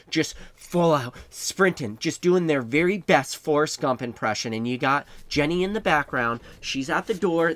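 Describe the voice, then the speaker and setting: A man's voice: mid-range voice, a bit bright, no echo. A young man hosting a trading card investing channel, ranting sarcastically and firing off mocking rhetorical questions. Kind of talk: ranting monologue.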